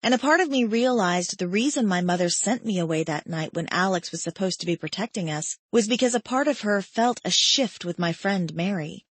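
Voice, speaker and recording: A woman narrating a first-person romance audiobook in a soft, reflective, subdued manner. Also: mid-range voice, brisk, few pauses, breathy edge, no room sound.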